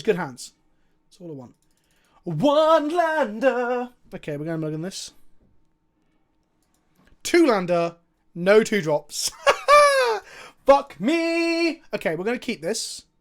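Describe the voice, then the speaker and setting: A young man with a slightly high voice is streaming a card game, walking through his plays and talking with viewers. He's animated, crude-mouthed, and quick to mock himself.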